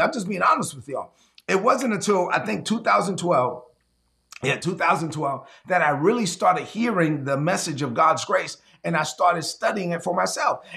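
A man's voice: high voice, vocal fry, sharp tone. A man preaching a sermon, earnest and confessional, often repeating and restarting his phrases.

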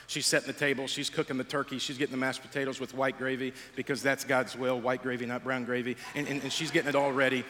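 A man preaching a sermon as pastor, telling stories with acted-out voices and dropping low and quiet for emphasis. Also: fast, few pauses, long reverb tail. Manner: animated storytelling, acts out voices, drops low and quiet for emphasis.

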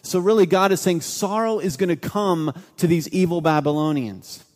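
A man's voice: high voice, normal speed, darkish tone. Emphatic male pastor preaching. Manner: emphatic, repeats key phrases. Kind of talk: sermon. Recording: long hall reverb.

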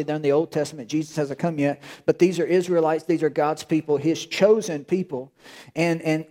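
A man's voice: on the high side, darkish tone. A male pastor preaching a sermon in an emphatic, repetitive way, often restarting his phrases.

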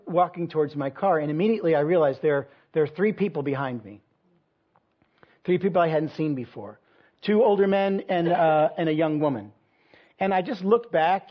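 Husky-voiced pastor telling a story. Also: male voice, on the high side, highs cut off. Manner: conversational, self-deprecating storytelling with many fillers. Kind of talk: sermon with personal story.

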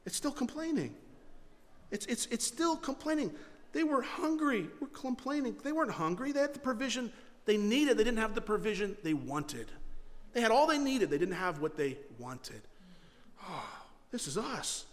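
A male pastor with a notably high voice preaches from the pulpit, his words ringing out with a long church-hall reverb. He tells stories briskly, repeating phrases in quick bursts and poking fun at himself, then sinks to a hushed, low tone when he stresses a serious point. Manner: animated storytelling with rapid repetitions and self-mocking asides; drops to a low, quiet voice for solemn points. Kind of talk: sermon.

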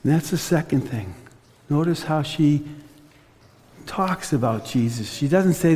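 A man preaching a sermon as pastor, earnest, slowing and softening on reflective passages. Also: fairly high pitch, expressive, long reverb tail.

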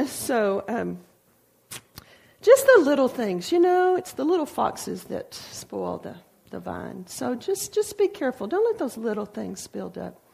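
Husky, gravelly older woman telling stories. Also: a little high, very animated, measured pace, a little mellow. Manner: folksy storytelling with frequent asides. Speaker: speaker sharing testimony. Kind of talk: informal devotional talk.

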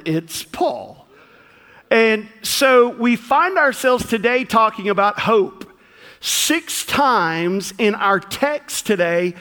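A man's voice: high-pitched, pushed and bright, big-room sound. A man with a Southern accent preaching a sermon to his church, folksy and joking as he teaches. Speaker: pastor. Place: church sanctuary.

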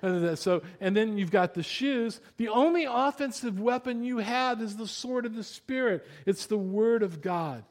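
A man preaching a sermon in a conversational way, sometimes dropping to a hushed voice when retelling stories. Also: sits high, animated, moderate pace, few pauses. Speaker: pastor.

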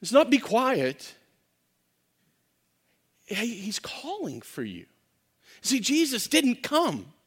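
Male pastor, high-pitched, animated sermon storytelling with frequent restarts. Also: slow pace, husky.

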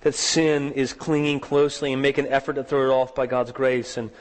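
A man preaching a sermon, telling a story with rising dramatic emphasis and slowing down on key words. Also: mid-range voice, flat delivery, in a large hall. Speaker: pastor.

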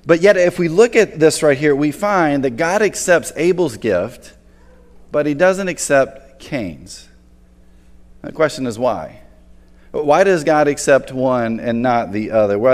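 A man preaching a sermon as a pastor, talking casually and conversationally and often restarting words. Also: medium pitch. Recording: long hall reverb.

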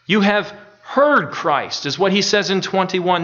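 A man preaching a sermon in a slow, emphatic way, repeating phrases for weight and rising in earnest on key points. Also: sits high, sing-song, a bit bright, highs cut off. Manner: slow, deliberate delivery with repetition.

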